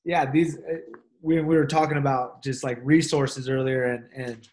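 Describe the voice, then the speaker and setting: A man hosting a casual interview over a video call, speaking haltingly with many restarts. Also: medium pitch, fairly even intonation, darkish tone. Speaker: interviewer, host.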